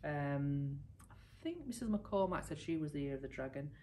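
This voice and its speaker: Low-voiced teacher reading a storybook. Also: female voice, normal speed, slight background noise. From United Kingdom. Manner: expressive, lively storytelling. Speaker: primary school teacher. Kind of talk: reading a picture book aloud to pupils.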